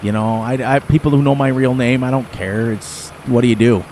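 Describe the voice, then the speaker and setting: A man's voice: mid-range voice, steady tone, a little fast, darkish tone, a little hiss or hum. Chatty man streaming a game. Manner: chatty, laughs often, folksy. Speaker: gaming live streamer. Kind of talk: casual rambling chat to viewers.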